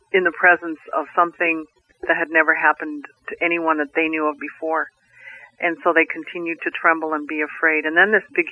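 Man telling a legend over a tinny line. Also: on the high side. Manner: measured, repetitive, rhythmic telling. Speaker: storyteller. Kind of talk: oral storytelling of a tribal legend.

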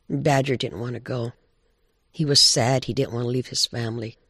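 Expressive man telling a folk tale. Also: mid-range voice, normal speed, husky, no echo, studio quality. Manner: expressive, animated. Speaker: storyteller.

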